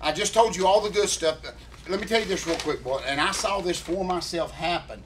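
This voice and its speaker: A man with a somewhat high voice tells a rambling, heartfelt story, stopping often to check in with his co-host. His talk is earnest and emotional, with a faint hiss of background noise. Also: fairly quick. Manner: earnest, emotional, keeps addressing co-host by name. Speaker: podcast co-host.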